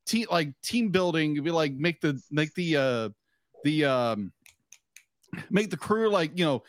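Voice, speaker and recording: A man with a high voice chats casually as a podcast co-host. He rambles, restarts his phrases and breaks into laughter often, recorded dry and close. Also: expressive, measured pace, no room sound. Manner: rambling, stumbling over words, laughing often. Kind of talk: casual chat.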